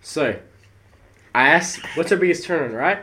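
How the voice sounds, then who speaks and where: A young man talking excitably in joking banter, cutting in often. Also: fairly high pitch, slight background noise. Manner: rapid, excitable, cuts in.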